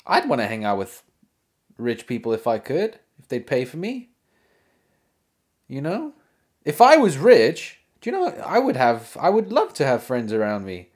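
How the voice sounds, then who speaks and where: A man's voice: mid-range voice, big pitch swings, normal speed. A man hosting his own podcast alone, rambling and joking with crude asides. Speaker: podcast host. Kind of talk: casual solo podcast chat.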